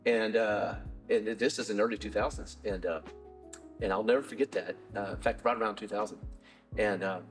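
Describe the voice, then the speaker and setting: A man's voice: fairly low pitch, steady tone, fairly quick, soft background music. A middle-aged man, a bike shop owner, answering interview questions in a rambling way, full of restarts and fillers.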